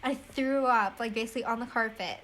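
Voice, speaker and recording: Chatty high-voiced teen girl. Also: a little fast, a bit bright, slight background noise. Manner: chatty storyteller, heavy use of "like", often laughs. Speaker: podcast co-host. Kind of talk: casual chat.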